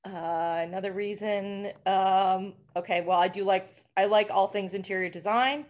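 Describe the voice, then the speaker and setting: A woman's voice: mid-range voice, steady tone, a little slow, muffled recording. A woman in casual conversation, rambling animatedly and acting out inner voices as she explains a feeling. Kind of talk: casual spiritual chat.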